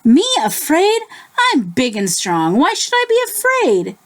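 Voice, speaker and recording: A woman's voice: a little high, wildly swooping pitch, a little slow. A woman voicing a big, boastful male bear in a children's storybook read-aloud, with a hearty, bragging manner.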